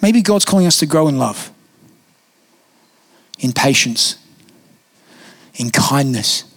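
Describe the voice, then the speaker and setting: A young man preaching a sermon in a church, telling stories in a lively, conversational way with casual fillers. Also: medium pitch, takes it slowly. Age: young adult. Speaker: pastor. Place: church auditorium.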